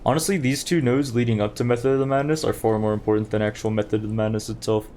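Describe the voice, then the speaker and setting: His fairly low, dark voice stays level and moves quickly as this young man streams a game. He rambles casually to chat while he plays, and slight background noise is audible.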